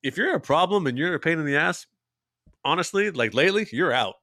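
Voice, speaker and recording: A man hosting a casual podcast, his voice sitting a little high and swooping all over. He tells animated stories and laughs easily. The sound is dry and close, with no room in it. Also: a little fast, no room sound. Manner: animated storyteller, laughing often. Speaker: podcast host. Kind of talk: casual chat.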